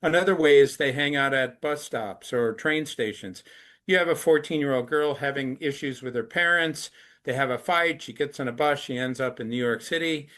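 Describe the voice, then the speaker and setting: A man's voice: mid-range voice, moderate pace, fairly bright tone. Earnest middle-aged man explaining. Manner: earnest, explains through step-by-step examples. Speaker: anti-trafficking activist, interview guest. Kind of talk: conversational interview.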